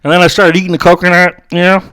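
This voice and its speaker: A man's voice: high-pitched, little pitch movement, quick pace, a bit bright, clean tone, no echo. A young man rambling through a comic story and calling everyone dude. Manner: rambling, says "dude" a lot. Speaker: co-host. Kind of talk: comedic storytelling.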